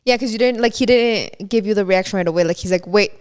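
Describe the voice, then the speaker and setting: A woman's voice: medium pitch, quick pace, a little mellow. A young woman hosting a podcast in casual chat, eagerly reacting and asking follow-up questions. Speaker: podcast host.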